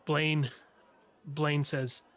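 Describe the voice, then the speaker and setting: A man narrating a tabletop game as game master, halting with restarts and fillers. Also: fairly high pitch, little pitch movement, fairly bright tone. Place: home streaming setup.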